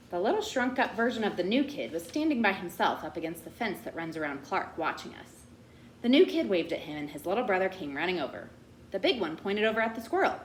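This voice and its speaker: Woman reading a story with animated lilt. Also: mid-range voice, brisk, slight background noise. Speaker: audiobook reader. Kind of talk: storytelling narration. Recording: roomy echo.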